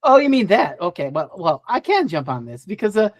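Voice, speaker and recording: A woman co-hosting a podcast in casual chat, animated and swearing freely. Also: lowish voice, a little fast. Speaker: podcast co-host.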